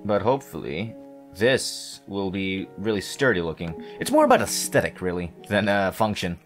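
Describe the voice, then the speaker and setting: Low-voiced man rambling over gameplay. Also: sing-song, normal speed, soft background music. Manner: meandering, self-deprecating, hesitant restarts. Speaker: gameplay commentator. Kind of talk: casual rambling let's-play commentary.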